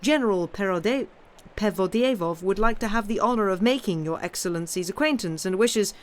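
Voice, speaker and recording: A woman's voice: medium pitch, a little fast, natural voice. A woman voicing a servile male petty official who adds "sir" to everything. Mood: fawning. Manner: obsequious, adds "sir" constantly.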